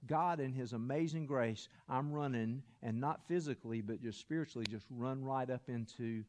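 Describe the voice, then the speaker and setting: A man preaching a sermon, telling a story with animated, building energy. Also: mid-range voice, moderate pace, long reverb tail, a little hiss or hum. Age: adult. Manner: animated, builds to loud excited peaks when telling a story. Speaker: pastor.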